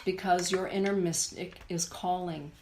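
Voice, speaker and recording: A middle-aged woman giving a live oracle card reading to viewers, speaking in a soothing, unhurried way. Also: lowish voice, fairly even intonation, darkish tone, a little hiss or hum. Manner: slow, soothing, unhurried delivery. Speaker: spiritual card reader.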